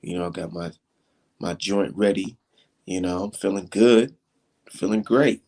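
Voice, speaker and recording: A man hosting a casual live stream, talking fight talk in loose slang and getting animated as he rants. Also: measured pace, creaky. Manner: animated, slangy, swings high when mocking critics. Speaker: livestream host.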